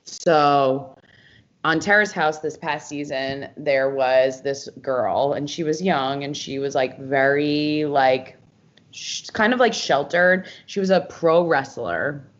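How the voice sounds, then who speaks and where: A young American woman with a very low voice chats casually on a podcast, rambling and swearing freely. The lo-fi recording sounds dull. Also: takes it slowly. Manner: rambling, filler-heavy, swears often. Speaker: podcast co-host. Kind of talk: casual chat.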